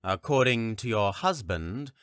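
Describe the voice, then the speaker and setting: Brief: icy bureaucrat scholar, deliberate and low , narrated by a man. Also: animated, a bit bright, no room sound, studio quality. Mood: cold. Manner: slow, measured, officious. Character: cold stern male scholar official. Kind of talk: audiobook character voice.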